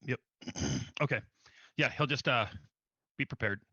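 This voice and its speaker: A man taking his turn as a player in a tabletop game, slowly and with some hedging. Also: mid-range voice, sharp tone, no room sound. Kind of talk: casual tabletop game chat. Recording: dull, lo-fi stream audio.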